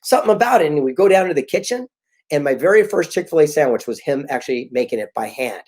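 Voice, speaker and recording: A middle-aged man giving an animated motivational talk, telling stories and acting out quoted dialogue. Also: on the high side, quick pace. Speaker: motivational speaker.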